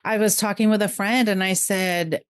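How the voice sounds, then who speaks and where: A middle-aged woman, a podcast guest, speaking earnestly and emotionally in quick bursts in a heartfelt interview. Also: medium pitch, steady tone, smooth, no echo, clean studio sound.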